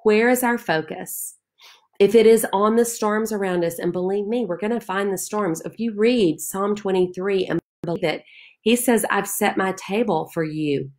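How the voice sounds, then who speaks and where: A woman's voice: medium pitch, normal speed, darkish tone. A woman leading a Bible study, reading scripture aloud and speaking to listeners in an earnest, heartfelt way. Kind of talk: devotional Bible teaching.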